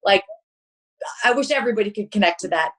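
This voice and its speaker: A woman's voice: mid-range voice, lively intonation, fast. A woman in her thirties, a children's TV performer, chatting enthusiastically as a podcast guest and laughing easily. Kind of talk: casual interview chat.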